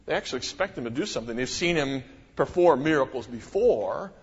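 A middle-aged man preaching a sermon as a pastor, talking in an animated way with many rhetorical questions and sudden emphasis. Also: mid-range voice, a little fast, breathy edge. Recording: dull, echoey church hall.

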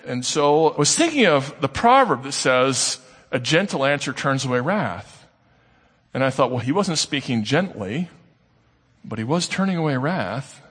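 A male preacher giving a sermon, telling a story with earnest emphasis, sometimes brisk and sometimes slow. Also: mid-range voice, fairly bright tone. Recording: long reverb of a large hall.

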